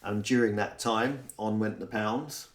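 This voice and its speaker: A man's voice: lowish voice, steady tone, a little slow. A middle-aged man co-hosting a podcast in casual chat, with a dry, teasing manner. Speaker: podcast co-host. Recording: echoey room.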